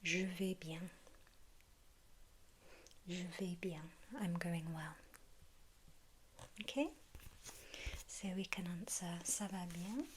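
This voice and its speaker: Slow whispering English woman tutor. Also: fairly low pitch, a little hiss or hum. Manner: slow, gentle whispered teaching with soft prompts to repeat. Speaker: ASMR language tutor. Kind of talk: whispered role-play.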